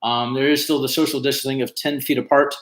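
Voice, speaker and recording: A man's voice: mid-range voice, level tone, fast, a bit bright, a little hiss or hum. A man hosting an online trivia night, chatting casually and reading out team names with lots of fillers. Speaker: trivia host. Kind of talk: casual livestream chat. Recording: echoey room.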